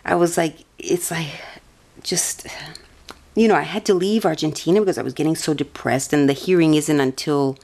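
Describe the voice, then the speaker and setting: A soft-spoken woman with a fairly low voice, telling a long personal story to her audience. She meanders, corrects herself mid-sentence and laughs often as she goes. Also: moderate pace, vocal fry. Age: adult. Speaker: vlogger.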